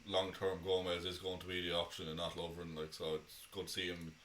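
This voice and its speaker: A man's voice: deep voice, monotone, fairly quick, a bit bright, far from the mic. A man co-hosting a football watchalong, adding dry, laid-back side comments. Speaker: co-host. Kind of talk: casual football chat. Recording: echoey, off-mic with faint room noise.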